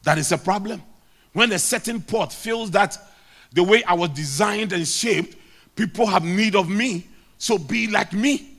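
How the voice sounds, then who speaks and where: Middle-aged Ghanaian pastor, male, raised pitch, preaching with emphatic repetition. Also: a little slow, a bit bright. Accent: Ghanaian English. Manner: emphatic preaching with repeated lines. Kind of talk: sermon.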